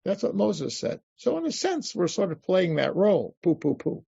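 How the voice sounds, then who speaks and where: An older man, a rabbi, teaching a class over a video call, animated, acting out pleas to God with many restarts. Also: high-pitched, normal speed, vocal fry, breathy edge, dry recording. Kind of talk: animated lecture. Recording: dull lo-fi video call audio.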